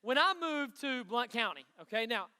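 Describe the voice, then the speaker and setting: A man's voice: extremely high pitch, big pitch swings, normal speed, pushed and bright, clear, resonant tone. A man from Knoxville, Tennessee, with an East Tennessee country accent, giving a chatty, folksy youth sermon and asking the crowd questions. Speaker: youth pastor. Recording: long hall reverb.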